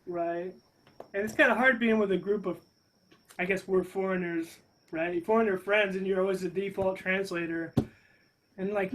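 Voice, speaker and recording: High-voiced man swapping stories as a guest. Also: brisk, a bit bright, slight background noise, rough recording. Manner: candid, swears casually, storytelling, laughs. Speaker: podcast guest. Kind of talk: casual chat.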